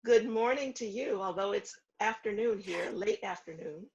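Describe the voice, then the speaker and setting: A woman in her fifties from the American South, a foundation founder calmly recounting her story in a remote interview, with steady ums. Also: medium pitch, husky, muffled recording. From Houston, Texas. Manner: measured, reflective storytelling with frequent ums.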